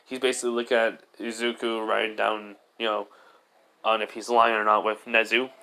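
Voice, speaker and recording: A man's voice: on the low side, level tone, a little fast, pushed and bright, smooth. A man narrating an improvised fan story, rambling with many fillers and restarts.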